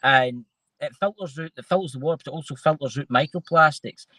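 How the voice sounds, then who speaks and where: A Scottish man hosts a loose, casual chat show and rambles from one point to the next, often trailing off mid-sentence. His voice is bright and forward, and it sits dry and close to the mic. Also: a little high, a little fast, no room sound, low-quality recording. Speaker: host.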